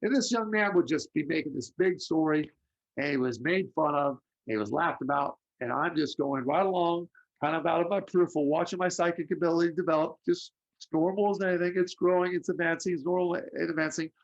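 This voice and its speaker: A man giving a psychic reading, telling stories with lively acted-out voices. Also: on the high side, brisk. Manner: animated storyteller, acts out voices in anecdotes. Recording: lo-fi muffled audio.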